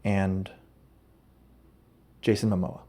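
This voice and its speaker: His voice sits low and mellow, with little pitch movement, and he takes his time. As a podcast host, he tells a wandering, absurd funny story, regularly stopping to set the record straight.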